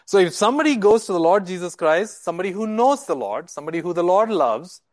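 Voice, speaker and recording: A man's voice: sits high, expressive, fast talker, no room sound. Man preaching an emphatic sermon. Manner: emphatic, repeats words, asks rhetorical questions.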